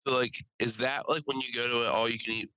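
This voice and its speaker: A man's voice: mid-range voice, fairly even intonation, quick pace, clear, resonant tone, dry recording, poor audio. A man from hosting a casual podcast chat, joking crudely and swearing often. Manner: crude, jokey, breaks into loud impressions. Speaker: podcast host.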